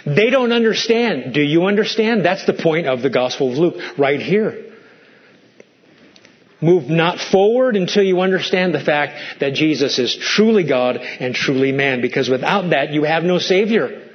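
A man's voice: fairly high pitch, animated, moderate pace, dull audio. A male pastor preaching a sermon, asking the congregation pointed rhetorical questions and acting out quoted lines in a raised voice.

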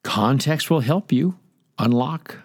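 A man's voice: medium pitch, expressive, takes it slowly, slightly rough, no echo. An older man, a pastor teaching the Bible on air in a chatty, rambling way with jokey asides, speaking into a studio microphone.

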